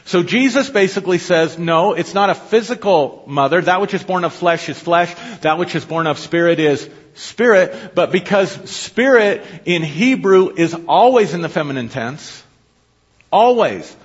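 A man's voice: sits high, animated, moderate pace, slightly rough. Man preaching in a reverberant hall. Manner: conversational teaching, asks the congregation questions. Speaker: pastor. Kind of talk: sermon. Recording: dull lo-fi audio with long hall reverb.

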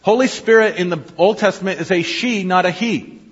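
A man's voice: sits high, fairly quick, slightly rough. A man preaching a sermon to his congregation, teaching in a conversational way and often asking them questions. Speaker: pastor. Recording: dull lo-fi audio with long hall reverb.

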